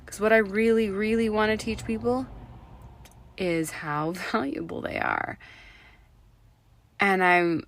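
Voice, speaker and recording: A woman in her thirties hosting her own podcast, slightly hoarse from illness, talking in an excited, effusive way and dropping to a whisper for emphasis. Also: medium pitch, slow pace, long pauses, slight background noise. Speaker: podcast host. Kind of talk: solo podcast monologue.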